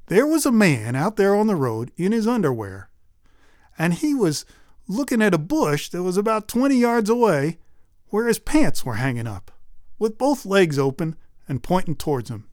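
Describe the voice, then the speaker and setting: A man telling a folk tale in a folksy, animated way. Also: high voice, moderate pace, dry recording, clean studio sound. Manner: folksy, animated, lively voices. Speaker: storyteller.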